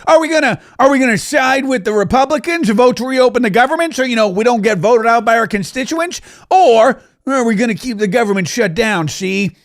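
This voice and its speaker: A man's voice: very high voice, animated, fairly quick, few pauses, dry recording, studio quality, pitched above the performer's own voice. A man voicing a scheming male gangster from a 1950s film who tacks "see?" onto his lines. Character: fast-talking male 1950s movie gangster.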